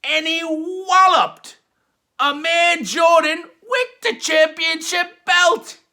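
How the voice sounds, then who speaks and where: A man giving a rowdy, crude comedic wrestling recap, laughing at his own jokes and stretching his punchlines into drawn-out hollers. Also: very high-pitched, sharp tone. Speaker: wrestling show reviewer.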